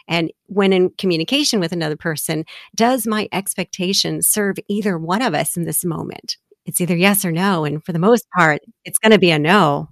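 A woman's voice: on the low side, moderate pace, no echo. Woman, conversational storytelling, laughs often, acts out dialogue, dry close recording. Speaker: guest.

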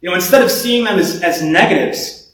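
A young man giving a sermon in a relaxed, conversational way, telling stories and often restarting his sentences. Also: high voice, a little fast. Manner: conversational storytelling with repeated restarts. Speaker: preacher. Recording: very echoey room, voice from far off.

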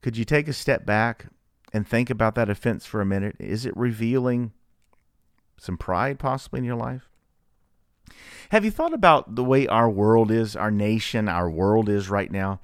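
A man reading scripture and giving a devotional sermon, earnest and full of rhetorical questions, his pitch rising sharply for emphasis. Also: normal speed, smooth, no echo, clean studio sound. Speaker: preacher.

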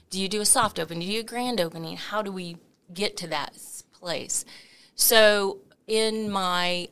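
Middle-aged woman, interview guest; bright, slightly gravelly, lower-pitched, lively chatty storytelling. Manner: animated, laughing storyteller with many fillers. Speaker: coffee company founder, interview guest.

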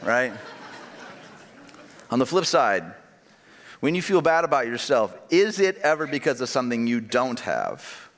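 A man's voice: medium pitch, fairly bright tone. A man in his thirties preaching a sermon as pastor, conversational and chatty, with asides and questions to the congregation. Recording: long hall reverb.

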